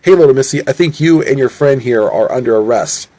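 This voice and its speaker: A man voicing a gruff, bossy male sheriff in a stilted read-aloud way. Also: medium pitch, brisk, dark tone, dry recording, natural voice, poor audio.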